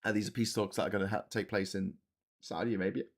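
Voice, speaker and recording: A man in a casual livestream, talking over the chat in a rambling, blunt way full of ums and the odd swear word. His voice sits a little low for a man. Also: flat delivery, fast. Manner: rambling and blunt, with frequent swearing and filler words. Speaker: livestream host.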